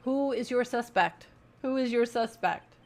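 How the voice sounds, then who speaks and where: A woman reading a slow, formal old judge. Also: fairly high pitch, darkish tone. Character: older male judge, slow and mild. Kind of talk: reading game dialogue aloud.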